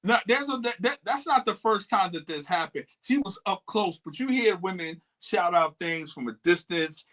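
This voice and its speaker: A man co-hosting a casual podcast, making his points with emphasis and frequent restarts. His voice sits a little high and sounds bright and forward. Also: lively intonation, normal speed, few pauses. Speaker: podcast co-host. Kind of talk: casual chat.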